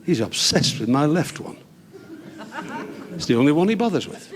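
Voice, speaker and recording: A man voicing a plain-spoken married woman in a joke, deadpan delivery. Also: fairly high pitch, normal speed, some chatter behind, a little hiss or hum.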